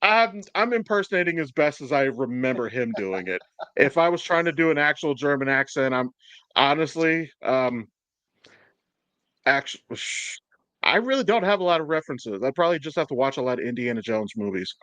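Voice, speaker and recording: A man's voice: medium pitch, lively intonation, fairly quick, fairly bright tone, no room sound. A man hosting a podcast in casual chat, swearing a lot, rambling and laughing often. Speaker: podcast host.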